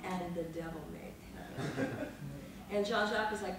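A woman in her fifties, an actress on a panel, telling behind-the-scenes stories in a lively, dramatic way, laughing and swearing freely. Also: medium pitch, normal speed. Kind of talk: animated anecdotal storytelling. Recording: echoey room, mic far off, noisy.

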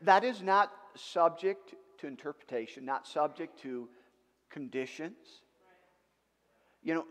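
Animated, slow-preaching male pastor. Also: fairly high pitch, long reverb tail. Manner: animated preaching with rhetorical questions and emphatic outbursts. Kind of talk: sermon. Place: church sanctuary.

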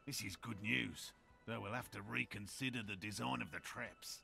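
A gravelly, earnest cryptozoologist. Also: male voice, on the low side, normal speed, bright, forceful tone, faint music behind, heavily acted. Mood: defensive. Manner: formal, eager, defensive. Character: earnest middle-aged male cryptozoologist, proud and emotional. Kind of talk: video game voice acting.

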